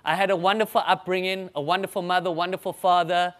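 A man's voice: high voice, little pitch movement, quick pace, fairly bright tone. A man with a South African accent, an evangelist preaching and sharing his testimony with a congregation in an emphatic, enthusiastic way. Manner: enthusiastic, emphatic, calls for audience response.

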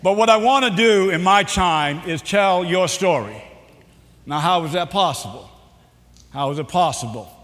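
Giving a keynote address, this high-voiced, middle-aged man from New Bedford, Massachusetts speaks with a Boston accent. He tells jokes and his own story warmly, leaning on dramatic pauses and lots of "uh" fillers. A long hall reverb surrounds his voice.

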